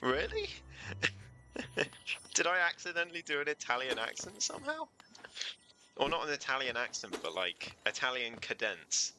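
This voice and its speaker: A man's voice: medium pitch, big pitch swings, normal speed, over music, low-quality recording. Playful, giggly man streaming a game. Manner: playful, giggly, thinking aloud. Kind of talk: casual gameplay commentary.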